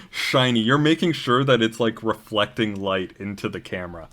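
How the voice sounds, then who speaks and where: A man's voice: on the low side, lively intonation, normal speed, a bit bright. A man narrating as game master in a tabletop role-playing game, telling scenes loosely with plenty of ums and likes. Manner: loose, filler-heavy retelling with many ums and likes.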